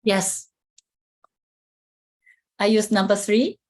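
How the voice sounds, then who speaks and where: A woman's voice: medium pitch, fairly even intonation. Woman demonstrating skincare on a video call. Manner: halting, explanatory, with frequent fillers and restarts. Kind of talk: live product demo on a video call.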